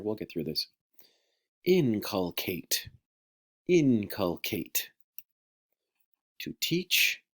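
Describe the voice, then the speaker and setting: A male teacher going through a vocabulary list for his students, joking and teasing in a loose, offhand way. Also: mid-range voice.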